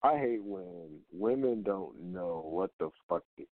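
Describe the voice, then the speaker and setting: A low-voiced man rants bluntly and profanely, circling back to the same complaints with question after question. His voice is dry and close, squeezed into a thin, phone-like band. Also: lively intonation, a little slow, no room sound. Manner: blunt, profane and repetitive, hammering each point with rhetorical questions. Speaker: host of a rant show. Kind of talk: casual profane rant. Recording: dry, tinny phone-like sound.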